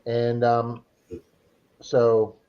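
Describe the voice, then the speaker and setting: Extremely slow and monotone, this man's mid-range voice carries a rambling co-host who tells stories in a casual chat, restarting and repeating himself. The recording has a slightly dull lo-fi quality.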